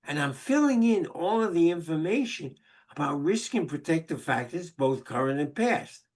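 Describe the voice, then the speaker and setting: A man's voice: on the high side, big pitch swings, normal speed. An older man, a psychologist and author, telling wry, joking anecdotes in a webinar over a video call.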